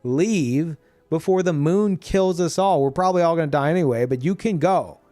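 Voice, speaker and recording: A man's voice: a little high, moderate pace, dark tone, dry recording, faint music behind, lightly acted. A man voicing an exasperated, bossy woman who bluntly scolds and gives orders. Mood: scolding.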